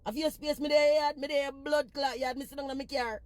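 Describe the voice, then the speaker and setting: A woman's voice: high-pitched, fairly even intonation, a little fast, darkish tone. A woman with a Jamaican accent ranting on a phone livestream, blunt and profane as she scolds her commenters. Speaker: social media personality.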